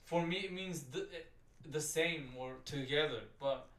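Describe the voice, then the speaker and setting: A man's voice: on the high side, a little slow, fairly bright tone. A man giving profane, exasperated, rambling commentary while reacting to a video. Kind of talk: ranting commentary. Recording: roomy sound, distant from the mic.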